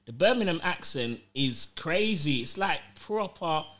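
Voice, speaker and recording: A man co-hosting a podcast in casual, animated banter, often laughing between phrases. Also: on the high side, unhurried. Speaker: podcast co-host and house DJ.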